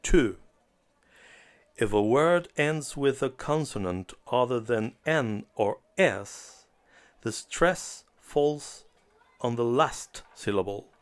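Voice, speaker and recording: Slow, deliberate male language teacher. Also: medium pitch, expressive. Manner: deliberate, clearly enunciated teaching delivery. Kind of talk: slow scripted language lesson.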